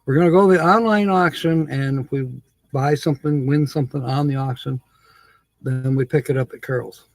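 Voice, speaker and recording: A man's voice: medium pitch, fairly even intonation, brisk, no echo. A man hosting a live stream, chatting casually with viewers, laughing often and reading comments aloud.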